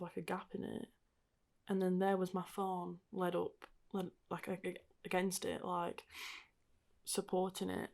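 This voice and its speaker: A woman's voice: mid-range voice, gravelly. A young woman hosting a podcast, talking through her thoughts in a rambling, reflective monologue full of "like" and "sort of.". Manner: rambling and reflective, heavy use of "like" and "sort of" fillers. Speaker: podcast host.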